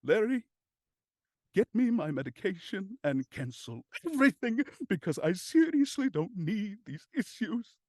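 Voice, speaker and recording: A man voicing a pompous, erratic male theatrical director, husky and melodramatic, swinging from grand to panicked. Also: high voice, big pitch swings, unhurried, no room sound, clean studio sound, full character voice. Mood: pompous, frantic.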